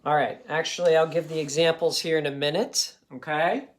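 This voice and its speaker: A man's voice: on the high side, steady tone, a little fast. A man teaching a phonics lesson, patient and encouraging, checking in often with "okay?".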